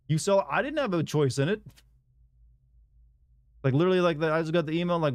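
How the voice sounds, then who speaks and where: A young man streaming a video game, chatting casually in a monotone and rambling with restarts. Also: fairly high pitch, a little fast, long pauses, clean tone, no echo. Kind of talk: casual chat while streaming.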